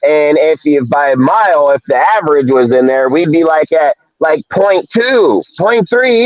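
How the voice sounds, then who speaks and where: A man's voice: dry recording, highs cut off. A man ranting angrily and profanely on a sports talk stream, swinging his voice up and down. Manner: profane, ranting, swings between high and low pitch. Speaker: podcast co-host. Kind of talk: heated sports call-in rant.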